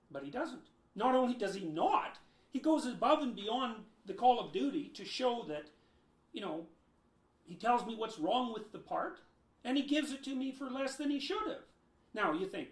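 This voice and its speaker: At home, a man gives long, explanatory interview answers in an emphatic, lecturing manner, swinging sharply between loud and quiet. His high voice is very animated at a moderate pace, with roomy echo in the recording.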